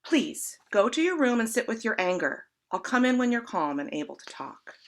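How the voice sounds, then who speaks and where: A woman voicing a patient, kindly grandfather in a read-aloud children's storybook, gentle but firm. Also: on the high side, big pitch swings, normal speed. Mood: calm.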